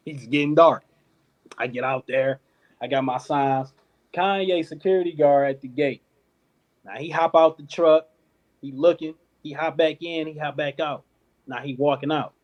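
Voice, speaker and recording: A man's voice: on the high side, steady tone, unhurried, long pauses, muffled recording. A man from Detroit, a clothing company founder, telling a long story as a podcast guest, laughing often and acting out what other people said. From Detroit, United States. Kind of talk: casual storytelling.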